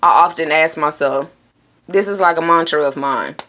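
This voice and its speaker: A woman giving an earnest, encouraging self-help talk straight to her viewers. She speaks directly and plainly, now and then dropping into hushed shushing. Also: low-pitched, normal speed, slight background noise. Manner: drops to a hushed whisper when shushing. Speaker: vlogger.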